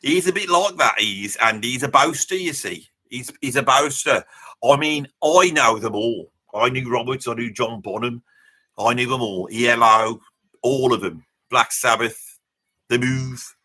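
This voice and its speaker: A man's voice: medium pitch, measured pace, bright, forceful tone. A man playing a boastful, rambling Birmingham bloke with a Birmingham accent, chatting with viewers on a live stream in character. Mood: rambling chat. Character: boastful middle-aged Birmingham bloke, rambling name-dropper. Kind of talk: in-character live reaction chat.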